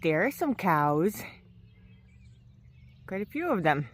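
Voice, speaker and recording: A woman thru-hiker vlogging outdoors on a mountain trail into a handheld camera, a chatty, animated storyteller. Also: on the low side, slow. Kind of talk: casual trail vlog.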